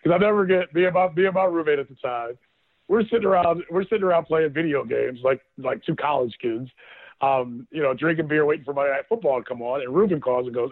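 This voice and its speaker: A man's voice: fairly high pitch, fast talker, no room sound. A man in his thirties telling a story casually on a radio show, laughing often and quoting people as he goes. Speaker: former football player, guest. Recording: tinny phone line.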